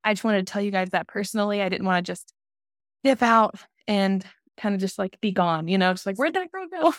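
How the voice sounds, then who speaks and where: A young woman in casual podcast chat, her voice carrying a gravelly fry at the ends of phrases. She talks loosely and chattily, leaning on fillers, and the sound is close and dry with no room around it. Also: mid-range voice, steady tone, a little fast, no room sound. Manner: chatty, filler-heavy, warm and emotional in farewell. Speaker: podcast co-host.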